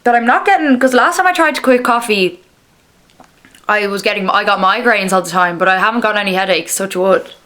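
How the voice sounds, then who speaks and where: A woman's voice: mid-range voice, a little fast, pushed and bright. A woman in her twenties, vlogging at home in casual, rambling chat with a candid manner and free swearing.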